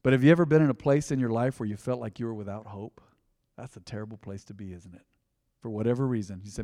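Pastor preaching in a reverberant hall. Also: male voice, medium pitch, quick pace, warm tone. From United States. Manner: conversational, storytelling, engaging the crowd. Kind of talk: sermon. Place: church hall.

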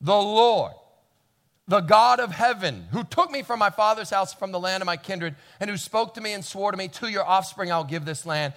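A man's voice: very high voice, very animated, normal speed, creaky, long pauses, a bit bright, big-room sound, pitched above the performer's own voice, heavily acted. A man voicing old Father Abraham as an indignant, fervent elderly man who exclaims in disbelief and repeats his words.

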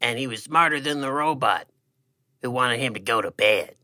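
A man co-hosting a comedy podcast, reading his own story aloud in a deadpan, folksy way and stubbornly arguing back. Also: medium pitch, normal speed, dry recording. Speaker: podcast co-host and author. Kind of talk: comic reading of his own story, then casual chat.

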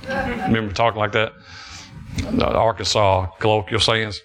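A man's voice: mid-range voice, very animated, moderate pace, fairly bright tone. A middle-aged man preaching a fervent sermon, repeating phrases and restarting as he declares healing. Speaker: pastor.

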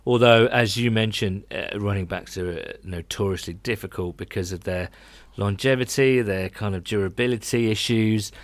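A man's voice: fairly low pitch, moderate pace, hardly any pauses, no echo. Teasing chatty man. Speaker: podcast co-host. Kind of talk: casual banter.

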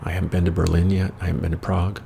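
An American man with an extremely gravelly, rough voice, pitched very low, spinning loose and rambling stories. He talks casually and wryly, swearing freely as he goes, with a faint hum of background noise. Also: flat delivery, very fast, warm tone. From United States. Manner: rambling, profane, wry. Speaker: storyteller host. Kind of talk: casual anecdotal storytelling.

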